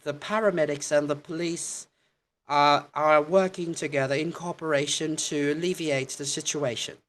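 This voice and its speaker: A man's voice: fairly high pitch, steady tone, moderate pace, a bit bright, voice pushed up, natural voice. A man voicing a formal male news reporter with an emphatic, broadcast-style delivery.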